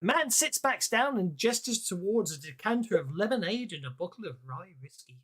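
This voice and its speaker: A man's voice: sits high, sing-song, fairly bright tone, slightly rough. Chatty male game master. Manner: chatty, halting with fillers and asides. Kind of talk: narrating a tabletop game.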